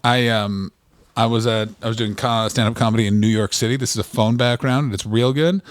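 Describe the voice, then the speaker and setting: A man co-hosting a comedy podcast, riffing in deadpan, absurd bits and dropping into silly voices. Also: mid-range voice, brisk, smooth, no echo. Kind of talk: casual comedic banter.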